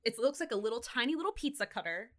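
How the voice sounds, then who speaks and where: A young woman co-hosting a podcast, casually retelling a story in a chatty, animated way, full of fillers and swearing. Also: on the high side, fast talker. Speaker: podcast co-host.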